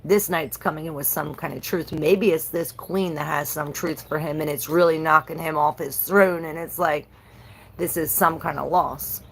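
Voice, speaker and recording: A woman's voice: deep voice, fairly even intonation, normal speed, vocal fry, slightly rough, low-quality recording. A woman giving a casual, rambling tarot reading on a livestream, repeating herself and swearing now and then.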